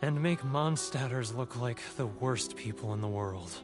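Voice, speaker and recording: An actor playing a timid, guilt-ridden merchant in a video game, emotional, sighing and confessional. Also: male voice, mid-range voice, unhurried, natural voice. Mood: anguished. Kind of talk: game voice acting. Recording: game audio with faint background music.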